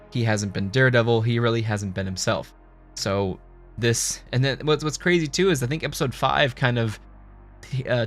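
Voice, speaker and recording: Man, casual video review, rambling, enthusiastic, mid-pitched voice, faint music behind. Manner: rambling, enthusiastic, many fillers and restarts. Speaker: video host, show reviewer.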